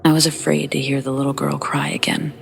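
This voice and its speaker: Low, gravelly woman narrating horror stories. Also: level tone, brisk, faint music behind. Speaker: podcast host reading listener stories. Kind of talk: scripted horror story narration.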